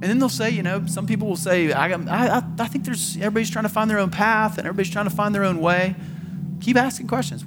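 A man's voice: high-pitched, fast, music in the background. A male pastor preaching a sermon in a conversational way, often acting out the voices he quotes.

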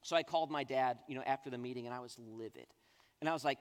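A man in his thirties preaching a sermon as a pastor, telling stories in an animated, conversational way. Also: mid-range voice, fast talker, smooth. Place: church sanctuary. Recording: long church hall reverb.

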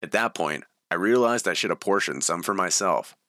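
A man's voice: low-pitched, animated, moderate pace, bright, forceful tone, no room sound, studio quality. A man reading his own story aloud in a plain, matter-of-fact way. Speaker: memoir reader.

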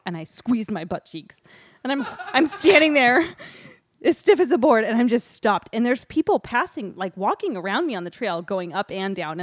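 Woman guest recounting a mishap, animated, laughs often, dry sound. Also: medium pitch, no room sound. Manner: laughing often, animated retelling with quoted dialogue. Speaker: storyteller. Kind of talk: casual storytelling.

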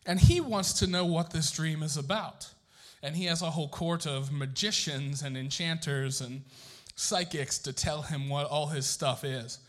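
A young man telling a Bible story to a group in a casual, joking sermon style, asking the room questions. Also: fairly high pitch.

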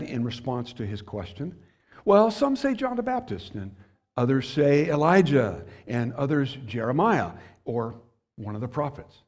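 A man's voice: medium pitch, darkish tone. A man preaching an earnest expository sermon, asking the congregation rhetorical questions as he works through a passage.

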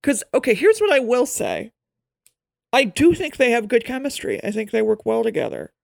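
A chatty woman co-hosting a podcast, her voice carrying a gravelly fry and a pitch that swings freely. She wanders off on quick asides. The recording is close and dry. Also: big pitch swings, darkish tone, no echo. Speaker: podcast co-host. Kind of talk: casual chat.

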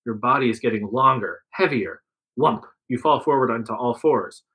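A man reads a second-person adventure story aloud, giving the quoted lines a bit of extra life. His voice is bright and forward, with a middle pitch. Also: moderate pace, poor audio. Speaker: narrator reading an interactive story. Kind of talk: reading a second-person choose-your-path story aloud.

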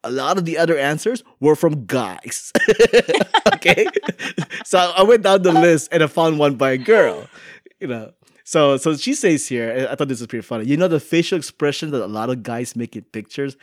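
A man hosting a casual chat podcast, reading answers aloud in a halting way with chuckles and restarts. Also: fairly high pitch, animated, dry recording, studio quality. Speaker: podcast host.

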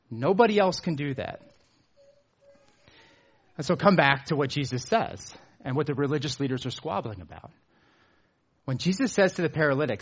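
A man with a slightly husky, fairly high voice delivers a sermon. His pitch is lively, climbing with emphasis and then sinking low. The recording sounds dull and lo-fi. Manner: earnest, builds up then drops low for emphasis. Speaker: pastor.

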